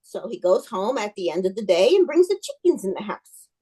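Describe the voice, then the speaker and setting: Animated woman telling a folk tale. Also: mid-range voice, brisk, husky, low-quality recording. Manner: animated, expressive storytelling. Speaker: club speaker. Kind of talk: folk tale storytelling speech.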